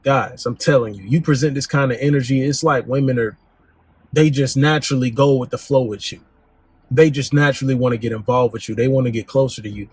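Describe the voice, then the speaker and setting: Slangy emphatic man, husky and dry. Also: fairly quick, darkish tone, no room sound. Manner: blunt, slangy, emphatic, swings pitch up and down for emphasis. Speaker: dating advice host. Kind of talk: casual direct-to-camera monologue.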